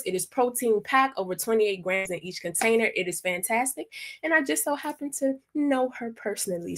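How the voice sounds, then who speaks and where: Woman hosting an online wellness session, slow and chatty, bright tense voice, cheers folks on. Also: mid-range voice. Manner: chatty, encouraging, reads out chat answers. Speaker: wellness workshop host. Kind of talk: live online workshop talk.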